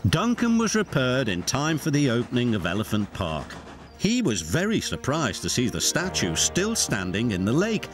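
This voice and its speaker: A man with a British accent narrating a children's story in an expressive studio voice-over and doing all the characters. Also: medium pitch, moderate pace. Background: music.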